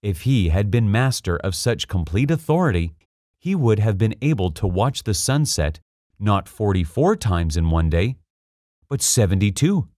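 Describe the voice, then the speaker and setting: A man with a lowish voice reads an audiobook, measured yet expressive as he tells the story. The studio sound is clean, with no room sound.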